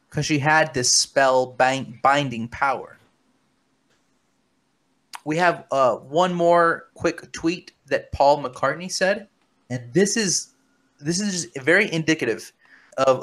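A man hosts a comedy podcast, delivering deadpan chat with mock seriousness. He sounds conspiratorial and keeps stumbling over repeated words, his medium-pitched voice fairly bright in tone.

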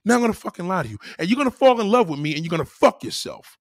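A man's voice: sits high, sing-song, rapid-fire, no echo, clean studio sound. A man hosting a live stream alone, ranting to his chat in a profane, combative, preachy way. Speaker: livestream host.

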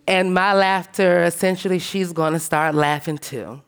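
A woman speaking on a panel, telling animated, emphatic stories in a frank, profane way and calling her listeners "baby". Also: on the low side. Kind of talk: panel discussion talk.

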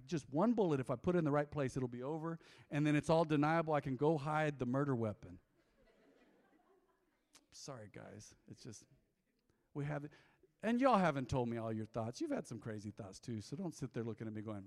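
A middle-aged man preaching as a pastor, telling a confessional story with jokes, then leading an altar call, his voice swinging from loud to hushed. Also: medium pitch, very animated, a little fast. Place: church sanctuary. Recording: long hall reverb.

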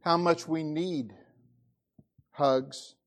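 A male pastor preaching a sermon, dramatic, his voice rising to cries and dropping to a hush. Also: a little high, steady tone, extremely slow.

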